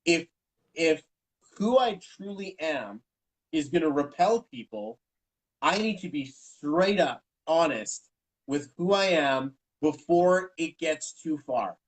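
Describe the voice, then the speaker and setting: A man's voice: on the high side, expressive, slow pace, low-quality recording. Frank, rambling man in his thirties. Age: 30s. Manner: rambling and frank, acting out quoted dialogue. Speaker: interview guest. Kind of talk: candid personal storytelling.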